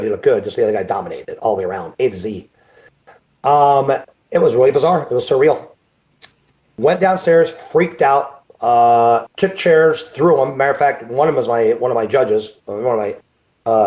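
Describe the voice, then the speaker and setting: A man's voice: medium pitch, moderate pace, darkish tone. A man, a bodybuilding show promoter, telling a rambling story over a video call, repeating words and restarting sentences. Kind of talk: casual storytelling interview.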